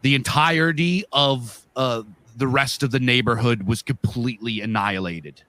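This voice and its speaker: A man's voice: medium pitch, normal speed, a bit bright. A man from the northeastern US, a podcast co-host telling a vivid, rambling story with lots of fillers and swearing. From northeastern US, Pennsylvania. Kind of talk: casual storytelling.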